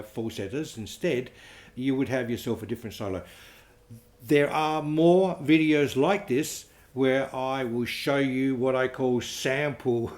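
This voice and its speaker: A man teaching a flamenco guitar lesson, counting beats aloud and explaining strokes in a relaxed, offhand way. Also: medium pitch.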